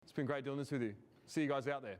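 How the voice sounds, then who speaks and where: A man's voice: mid-range voice, quick pace, clear, resonant tone. A man hosting a light-hearted event segment, laughing and joking as he runs a game. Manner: laughing, jokey. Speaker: segment host.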